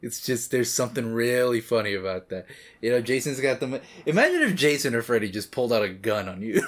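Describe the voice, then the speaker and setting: A man's voice: medium pitch, very animated, normal speed, fairly bright tone. A man hosting a movie reaction, rambling and joking as he talks back to the screen. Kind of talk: casual reaction commentary.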